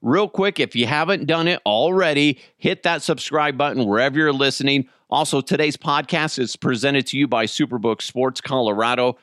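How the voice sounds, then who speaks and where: A man's voice: mid-range voice, normal speed, few pauses, fairly bright tone, no room sound, clean studio sound. A man in his thirties hosting a podcast, telling a story in a loose, casual way with plenty of swearing. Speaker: podcast host.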